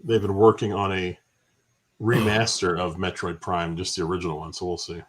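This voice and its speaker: Easygoing lower-voiced male co-host. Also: flat delivery, normal speed. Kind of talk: casual stream chat.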